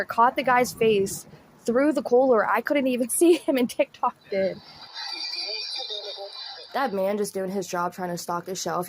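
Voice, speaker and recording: A woman's voice: mid-range voice, a little hiss or hum. A woman chatting casually and laughing often as she comments on a clip. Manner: chatty, giggly, slangy. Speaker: commentary YouTuber.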